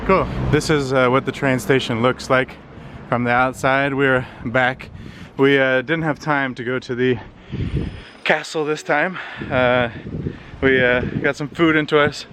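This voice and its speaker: A man's voice: medium pitch, measured pace, background noise. Tired man vlogging on a city street. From Canada. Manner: relaxed, rambling with many fillers. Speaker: travel vlogger. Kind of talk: casual travel vlog narration. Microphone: handheld compact camera.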